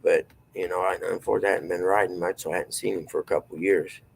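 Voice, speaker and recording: A man's voice: sits low, fairly even intonation, racing, gravelly, slight background noise, low-quality recording. A middle-aged man, telling long rambling stories in a folksy, drawling casual chat.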